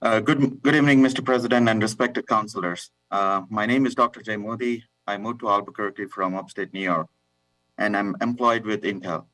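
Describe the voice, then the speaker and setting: Polite man with a bright, forceful voice. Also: lowish voice, steady tone, a little fast, rough recording. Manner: polite and formal, with hesitant fillers. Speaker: public commenter. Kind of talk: public comment on a video call. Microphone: video call.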